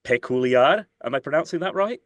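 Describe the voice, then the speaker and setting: A man's voice: fairly high pitch, expressive, brisk, no echo. A man hosting an interview in an upbeat, chatty way, laughing often. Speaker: interviewer, host. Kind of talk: casual interview chat.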